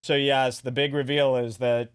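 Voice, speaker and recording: A man hosting a podcast, giving sarcastic, deadpan commentary on film clips into a studio mic. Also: mid-range voice, normal speed, clear, resonant tone, no room sound. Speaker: podcast host. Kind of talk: casual commentary. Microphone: headphones and studio mic.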